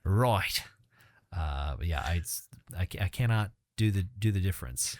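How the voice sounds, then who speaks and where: A man's voice: deep voice, lively intonation, a little fast, a little mellow, dry recording, studio quality. A man co-hosting a podcast, talking casually and rambling with fillers and restarts. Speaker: podcast co-host. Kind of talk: casual chat.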